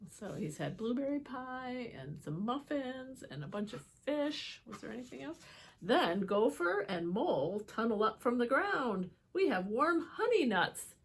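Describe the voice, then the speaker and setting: Slow, expressive woman reading to kids. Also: on the high side, husky. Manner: expressive, chatty asides to kids. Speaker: children's book reader. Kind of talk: reading picture books aloud to children. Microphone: holds book up to camera.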